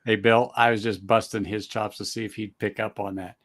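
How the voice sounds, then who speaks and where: A man's voice: lowish voice, little pitch movement, brisk, a bit bright. A man guest on a casual whiskey live stream, thoughtful, drawing out his phrases, with dry jokes.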